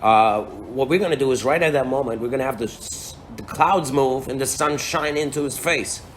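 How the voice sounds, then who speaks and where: A man's voice: medium pitch, normal speed, a little hiss or hum. Slangy, casual male storyteller. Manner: casual, slangy, swearing, chuckling. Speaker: spiritual speaker.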